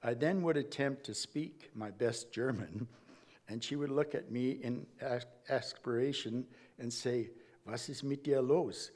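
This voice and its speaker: A man delivering a eulogy in a church, reading carefully from prepared notes. His voice sits in an ordinary middle pitch, and he stumbles and restarts now and then. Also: a little mellow. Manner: measured, reading aloud with small slips and restarts. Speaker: family member giving a eulogy.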